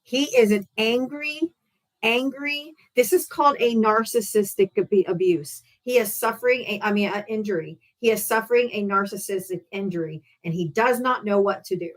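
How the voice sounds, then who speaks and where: A woman with a medium-pitched voice talks at normal speed, livestreaming from home as a political debate host and speaking straight to her audience. Her casual rant comes out loose, profane and scornful, heated and mocking as she vents.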